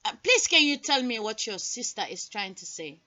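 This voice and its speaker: A woman voicing a quiet, polite official on the phone who is easily annoyed, in a one-woman comedy skit. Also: fairly high pitch, sing-song, moderate pace, voice pushed down. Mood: prim. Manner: soft-spoken, prim, easily annoyed. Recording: dull lo-fi webcam recording with loud noise.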